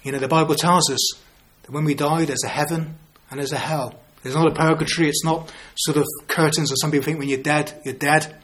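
A man's voice: on the high side, steady tone, brisk, a bit bright. A man in his fifties preaching an evangelistic sermon, earnest and full of rhetorical tag questions like "don't we?". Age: 50s.

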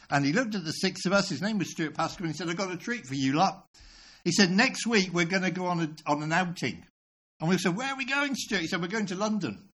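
A man in his sixties preaching a sermon, telling a story with animated delivery and self-deprecating humor. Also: a little high.

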